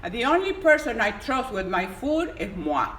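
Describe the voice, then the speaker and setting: A woman's voice: fairly high pitch, big pitch swings, normal speed, fairly bright tone. A woman giving health advice on a casual live stream, emphatic and exuberant, sometimes pleading. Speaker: health coach. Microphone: phone on a live stream. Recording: echoey room with faint background noise.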